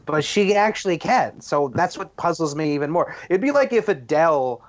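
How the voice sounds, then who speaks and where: A man co-hosting a comedy podcast over a video call, telling stories in an animated way and acting out quotes, with lots of "like.". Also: on the high side, normal speed. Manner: animated storytelling, acts out quotes, frequent "like". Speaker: podcast co-host. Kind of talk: casual comedic chat. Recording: dull lo-fi call audio.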